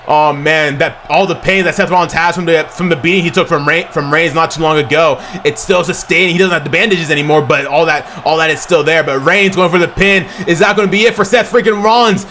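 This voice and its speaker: A man giving excited amateur play-by-play commentary over a video game, stumbling and correcting himself, then bursting into shouts at big moves. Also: fairly high pitch, normal speed, slight background noise. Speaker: play-by-play commentator for his own game session.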